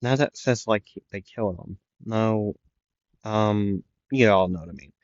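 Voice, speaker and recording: A man's voice: lowish voice, a little slow, dry recording. A tired man improvising a fan story, rambling and hesitant with many fillers and apologies. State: tired, yawning. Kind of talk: improvised fan fiction narration. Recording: dull lo-fi dry recording.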